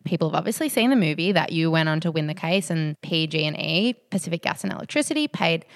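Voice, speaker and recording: A woman interviewer asking questions in a measured, conversational way. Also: sits low, lively intonation, no echo, studio quality.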